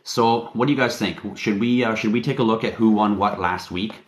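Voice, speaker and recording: A man's voice: fairly low pitch, fairly even intonation, fairly quick, roomy sound. A man hosting a casual livestream, rambling in a hyped-up way and swearing casually. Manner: rambling, hype-driven, casually profane. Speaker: livestream host and company founder.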